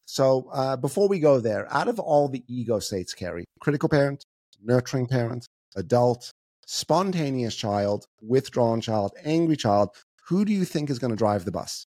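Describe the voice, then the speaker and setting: A man guest in a casual interview, explaining ideas with lively analogies. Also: medium pitch, normal speed, no echo. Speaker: guest, communication coach.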